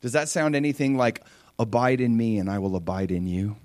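Animated man preaching a sermon. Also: fairly quick, no room sound. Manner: animated, acts out excited voices of God with big pitch jumps. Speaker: pastor.

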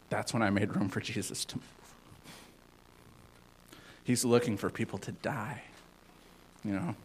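A man giving an informal sermon as a youth pastor, rambling with many fillers and swinging between loud and hushed. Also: on the low side, slight background noise, rough recording.

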